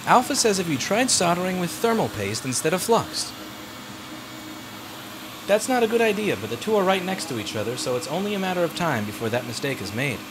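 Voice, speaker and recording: A man's voice: high voice, sing-song, fairly quick, background noise. A man running a repair shop, giving casual, teasing livestream commentary while working. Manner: sarcastic, teasing.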